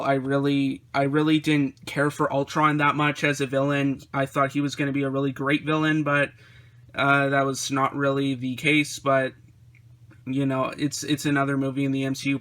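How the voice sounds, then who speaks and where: A young man talks through his collection in a loose, rambling way, full of "uh"s and restarts. His voice stays flat and even, with little rise or fall, at a middle pitch. It sounds like easy, unscripted vlog chat. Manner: relaxed, rambling with frequent fillers and restarts. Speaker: vlogger reviewing his disc collection. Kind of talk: casual vlog commentary.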